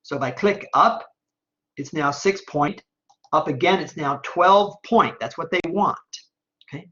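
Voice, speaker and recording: A man teaching an online class, talking step by step through a screen-recorded software tutorial and checking in often with "okay?". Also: a little high, a little slow, dull audio. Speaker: online instructor.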